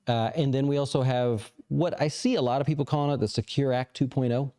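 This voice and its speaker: A man hosting a casual livestream, answering viewer questions in a relaxed, rambling way with lots of fillers. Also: mid-range voice, brisk. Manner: relaxed, rambling, thinks aloud with many fillers. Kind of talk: casual live chat about investing.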